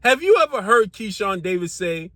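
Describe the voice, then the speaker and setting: A man with a high, animated voice delivers a heated boxing commentary rant, piling up rhetorical questions in casual slang. His voice leaps up and down in pitch, and the recording is dry and close. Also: moderate pace, dry recording. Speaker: sports commentary host.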